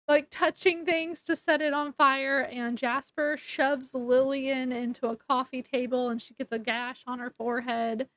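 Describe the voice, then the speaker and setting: A woman's voice: sits high, fairly bright tone. A woman casually retelling a novel's plot in a rambling, chatty way, full of fillers and restarts. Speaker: book reviewer. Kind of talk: casual book review recap.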